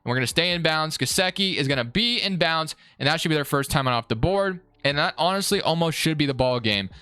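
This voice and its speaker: A young man giving live commentary on his own football video game, excitable and swinging between frustration and hype. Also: fairly high pitch, a little fast, clear, resonant tone, no room sound. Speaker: gaming YouTuber.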